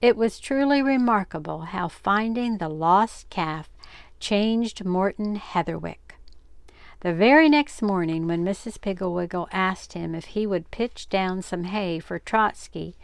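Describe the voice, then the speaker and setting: An older woman reading a children's story aloud, gentle and expressive. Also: medium pitch, unhurried, gravelly, clear, resonant tone, dry recording.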